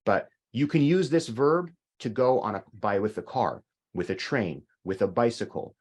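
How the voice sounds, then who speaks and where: Animated man teaching a language lesson. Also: lowish voice. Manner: animated, explains slowly and repeats sounds.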